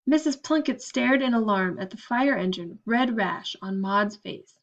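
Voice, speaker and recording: A woman narrating a children's storybook with a steady, expressive reading. Her voice is fairly high. The recording comes through slightly muffled. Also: measured pace. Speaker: audiobook narrator.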